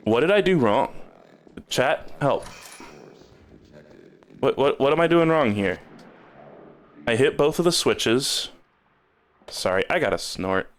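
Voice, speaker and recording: A man's voice: mid-range voice, lively intonation, slow pace, pauses often. A man streaming a game, rambling in casual commentary and stumbling over repeated words when he gets stuck.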